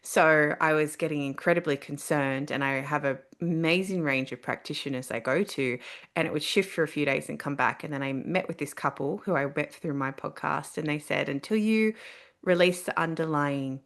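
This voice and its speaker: A woman's voice: low-pitched, brisk. A middle-aged woman, a podcast guest telling her story candidly and earnestly. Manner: earnest, animated when quoting herself.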